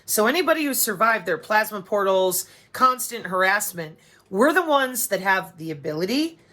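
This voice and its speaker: A middle-aged woman giving a profane, sarcastic monologue to camera, animated and blunt. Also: medium pitch, moderate pace. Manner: profane, sarcastic, animated, slips into mocking voices. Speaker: vlogger.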